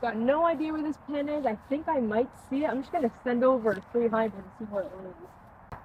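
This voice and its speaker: Young woman, higher voice, casual golf vlog chatter outside with steady background noise. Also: brisk, dull audio. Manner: chatty, talks to herself over shots. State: out of breath from running between shots. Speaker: golf vlogger. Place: outdoor golf course at dusk.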